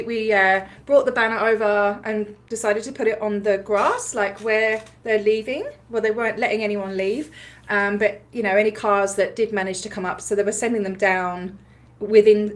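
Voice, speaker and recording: A woman casually telling a story on a livestream, animated, laughing often, with many ums and likes as she acts out what others said. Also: medium pitch. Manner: acts out other people's lines while retelling. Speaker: livestream host recounting a protest.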